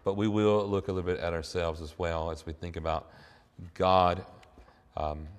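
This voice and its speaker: A middle-aged pastor preaching in a low-pitched voice that carries a long reverb. He delivers the sermon earnestly, swinging between emphatic declarations and hushed, reflective asides. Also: steady tone, normal speed. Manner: earnest, rises to emphatic peaks, then drops to quiet reflection.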